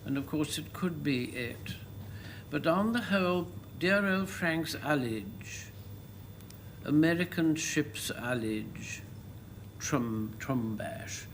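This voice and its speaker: Older gent on a quiz panel, slow fussy posh-sounding chat, bit high voice. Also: male voice, slight background noise. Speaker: team captain.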